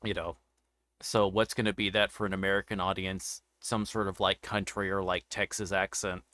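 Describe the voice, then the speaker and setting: A man in casual conversation, explaining things in a relaxed way and thinking out loud as he goes. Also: low voice, moderate pace, no echo. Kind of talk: casual chat.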